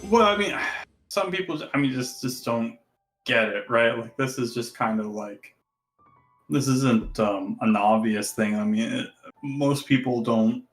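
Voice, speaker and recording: A man co-hosts a casual podcast chat, explaining his points hesitantly, with many restarts. His voice sits at a middle pitch for a man. Faint music runs underneath. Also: expressive, measured pace, low-quality recording. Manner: hesitant, explanatory, laughs easily. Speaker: podcast co-host.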